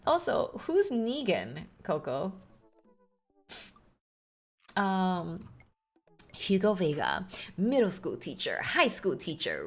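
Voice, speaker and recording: A woman's voice: medium pitch, huge pitch swings, slow, long pauses. A woman streaming a game, chatting casually and reading on-screen text aloud with wry asides. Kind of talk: casual game playthrough commentary.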